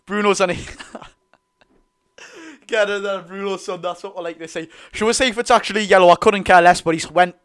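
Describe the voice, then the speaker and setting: A young man with a Geordie accent giving live, excitable fan commentary on a football match, swinging between loud cheering and low muttering. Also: brisk, pauses often, smooth. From North East England. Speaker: football watch-along host.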